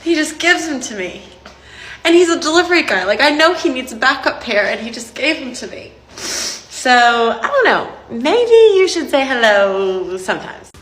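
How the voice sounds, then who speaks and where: A woman chatting excitedly to camera in a casual vlog, animated in how she tells it. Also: sits high, normal speed, roomy sound.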